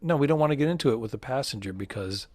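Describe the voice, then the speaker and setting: A man co-hosting a comedy podcast, chatty and teasing, quick to jump in with jokes. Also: medium pitch, animated, darkish tone, no room sound, clean studio sound. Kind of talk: casual comedy podcast banter.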